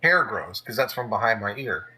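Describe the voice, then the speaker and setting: A man telling childhood stories in casual chat, animated and swearing, acting out the voices of people he quotes. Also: fairly low pitch, normal speed, breathy edge, low-quality recording. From Texas. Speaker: podcast co-host. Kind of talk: casual storytelling.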